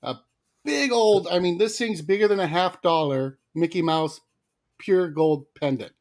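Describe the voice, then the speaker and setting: A man co-hosting a casual livestream, lively and quick to laugh as he greets viewers by name. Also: a little high. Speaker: livestream co-host.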